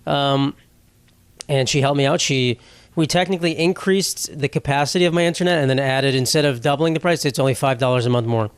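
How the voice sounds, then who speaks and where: A young man hosts a casual solo podcast, rambling along with crude jokes and silly voices when quoting people. His medium-pitched voice moves fast and smooth, with no echo.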